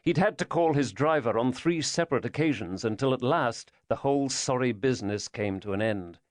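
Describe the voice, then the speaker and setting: A man's voice: medium pitch, brisk, dry recording. Man reading a thriller, dry and close. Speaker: audiobook narrator. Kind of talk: scripted narration.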